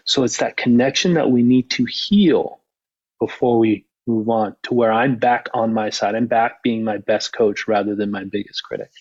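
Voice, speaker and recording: A man coaching golfers on a podcast, guiding a mindfulness exercise in calm, measured phrases. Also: mid-range voice, husky, dry recording, muffled recording. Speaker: golf mental coach, author.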